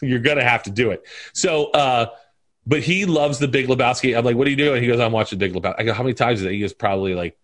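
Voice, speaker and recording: A middle-aged man talking in a loose, rambling way, jumping from story to story and dropping movie lines as he goes. His voice sits at an ordinary middle pitch and he laughs often while he chats. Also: fast, a bit bright. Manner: rambling, trades movie quotes with bursts of laughter. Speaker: podcast guest. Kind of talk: casual chat.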